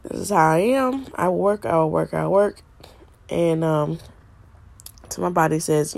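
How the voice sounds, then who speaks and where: A woman's voice: lowish voice, a little slow, vocal fry, long pauses, a little mellow. A middle-aged woman hosting a faith podcast, stuffy and congested from a cold, earnestly repeating her points like a preacher. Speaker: podcast host.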